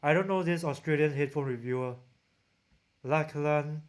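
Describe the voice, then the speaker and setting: A man with a Singaporean accent chats casually with viewers on a livestream, picked up by a camera-mounted shotgun mic. His voice sits slightly high. He often stops, restarts and corrects himself mid-sentence while reading comments aloud. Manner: reads chat aloud, halting with restarts. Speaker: tech reviewer hosting a livestream.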